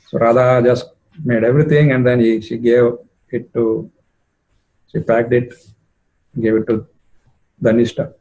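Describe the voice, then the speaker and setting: A male preacher retelling a devotional story in a relaxed, conversational way. His voice sits at an ordinary middle pitch, and he leans on easy fillers as he explains. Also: unhurried, pauses often, low-quality recording. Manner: conversational, many "you know" fillers.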